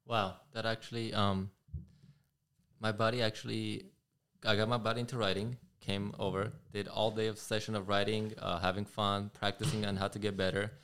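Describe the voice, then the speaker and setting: A man's voice: lowish voice, little pitch movement, moderate pace, fairly bright tone, smooth. A man who rides motorcycles, a guest talking casually and thoughtfully, often restarting his sentences. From California. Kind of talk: casual interview talk.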